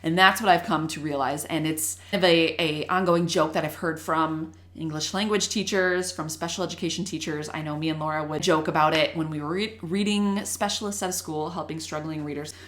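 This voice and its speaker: A woman's voice: low-pitched, brisk, few pauses. A woman in her thirties hosting a show, chatting casually and jokily with parents about reading. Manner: chatty, lively, jokey. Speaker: show host and reading teacher. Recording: echoey room.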